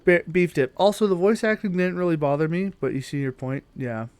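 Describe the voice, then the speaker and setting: A man's voice: on the high side, lively intonation, fairly quick, a little mellow, smooth, no room sound. A young adult man streaming a game live, chatting to his viewers and thinking aloud while he plays. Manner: thinks aloud while playing and reading chat. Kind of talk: live gameplay commentary.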